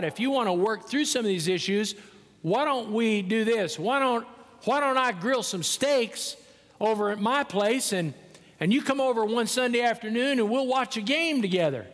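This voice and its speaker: Male pastor, high voice, preaching in a big echoing sanctuary, shifts from hushed to emphatic. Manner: storytelling preacher, swings from soft and slow to emphatic. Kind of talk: sermon. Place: large church sanctuary. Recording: church sanctuary with long reverb.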